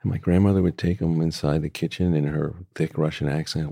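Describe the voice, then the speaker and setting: An older man, a book author talking as a guest, speaking in a thoughtful, measured way with frequent restarts. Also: sits low, gravelly, dark tone, dry recording, studio quality. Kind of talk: reflective conversation.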